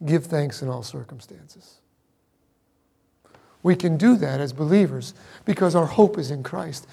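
A middle-aged man preaching a sermon, telling a personal story with emotion, moving between loud emphasis and hushed asides. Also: high voice, gravelly, breathy edge. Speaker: pastor.

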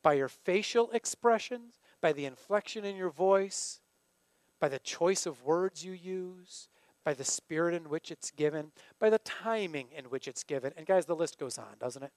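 A male pastor with a high voice gives a sermon in a relaxed, conversational manner. He often stops to ask his listeners questions. The sound is dry and close, with no room echo. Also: normal speed. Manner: conversational, asks the congregation questions.

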